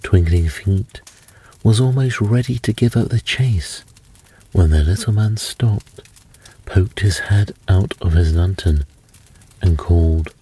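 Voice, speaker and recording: Deep-voiced man reading a bedtime story. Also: takes it slowly, slightly rough, rough recording. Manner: soothing, gentle.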